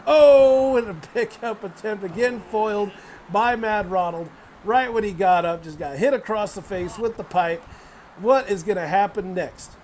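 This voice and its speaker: A young man giving excitable play-by-play wrestling commentary, swearing, laughing and bursting into loud exclamations. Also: sits high, a little hiss or hum. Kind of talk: play-by-play commentary on a video game wrestling match.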